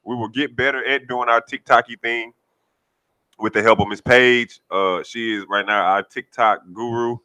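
A man co-hosting a casual livestream chat, joking, teasing and giving shout-outs. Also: medium pitch, steady tone, moderate pace, clear, resonant tone, no echo. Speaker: co-host.

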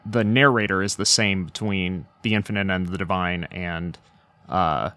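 A man's voice: sits low, fairly even intonation, moderate pace, pushed and bright. A man appearing as a podcast guest in a casual chat, talking hesitantly with restarts and dry humor.

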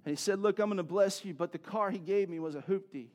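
A man, preaching a sermon in a conversational, animated storytelling way with asides to the congregation. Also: sits high, fast. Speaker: pastor.

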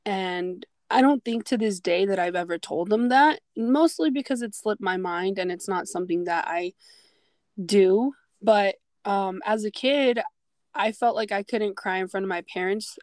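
A woman's voice: medium pitch, normal speed, a little mellow, no room sound. A woman in her early twenties hosting a podcast, sharing personal memories in a reflective, conversational way with frequent fillers. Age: 20s. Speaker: podcast host.

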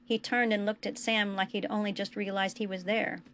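A woman podcast host reading fan fiction aloud in a quiet, even storytelling manner. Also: mid-range voice, normal speed, a little hiss or hum.

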